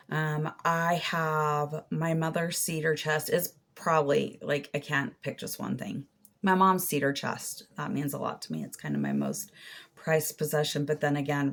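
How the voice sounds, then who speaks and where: A middle-aged woman talks through a casual crochet-channel Q&A in an unhurried, chatty way. Her voice sits low and carries a steady vocal fry. She muses and thinks aloud as she goes. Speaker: crochet vlogger. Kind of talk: casual Q&A vlog.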